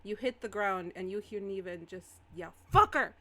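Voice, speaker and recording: A woman game master narrating a live-streamed tabletop role-playing game, animated and exclaiming often. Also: medium pitch, moderate pace.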